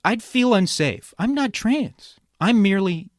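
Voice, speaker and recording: A man hosting a reaction commentary show, ranting sarcastically and swearing, jumping from loud outbursts to low mutters. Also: expressive, unhurried, dry recording, clean studio sound. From immigrant. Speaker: commentary podcast host.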